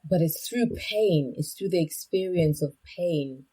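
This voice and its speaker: A woman's voice: lowish voice, unhurried, dark tone, husky, rough recording. A woman from Zimbabwe speaking as a podcast guest, reflective and searching for words as she talks. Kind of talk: personal interview talk.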